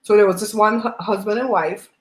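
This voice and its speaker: Woman host, chatty livestream storyteller, middle pitch, roomy laptop sound. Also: steady tone, brisk. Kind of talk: casual chat while eating on a livestream. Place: home. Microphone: laptop mic. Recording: roomy home room on laptop mic.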